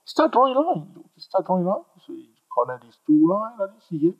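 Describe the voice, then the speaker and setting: Male trading instructor, husky, bouncy delivery with lots of repetition and jokes, on a dull lo-fi recording. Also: sits high, a little fast. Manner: animated, repeats himself, jokes with viewers. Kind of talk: screen-recorded chart tutorial.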